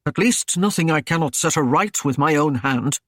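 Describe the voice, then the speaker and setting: Man playing a gruff Norman lord, commanding, curt, growling, slightly high, dry sound. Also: lively intonation, moderate pace, a bit bright, no room sound. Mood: stern. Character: stern proud male Norman lord, gruff.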